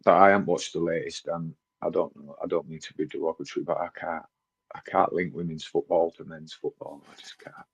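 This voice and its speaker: A man's voice: extremely low pitch, steady tone, a little fast, husky, dull audio. A man, co-hosting a casual podcast, teasing in a dry, wry way. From northern England. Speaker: co-host.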